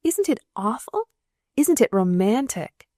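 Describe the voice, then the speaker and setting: A woman's voice: fairly high pitch, sing-song, measured pace, dark tone, dry recording, clean studio sound, voice pushed up. A woman doing giggly gossiping young nurses.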